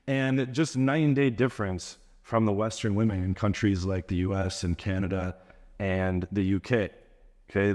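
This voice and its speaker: A man's voice: on the low side, a little mellow, long reverb tail. A man giving a social media monologue as a dating coach, assertive and declarative.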